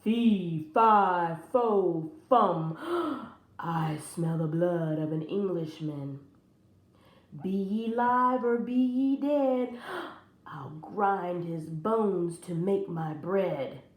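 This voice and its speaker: Lady reading aloud doing a big hairy hungry giant, low booming growl, slow and menacing, echoey room. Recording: roomy echo.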